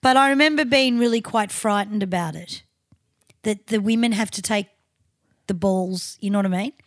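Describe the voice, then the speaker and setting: A woman's voice: mid-range voice, normal speed, no room sound, clean studio sound. An Australian woman co-hosting a podcast in casual chat, telling stories with a blunt, sweary edge. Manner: animated storytelling, blunt and sweary. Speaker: podcast co-host.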